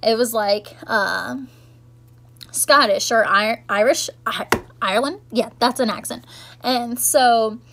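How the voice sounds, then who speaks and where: Young girl rambling to camera, lots of likes and ums, kinda high voice. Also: slow, noisy background. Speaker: vlogger. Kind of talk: casual chat recapping the year.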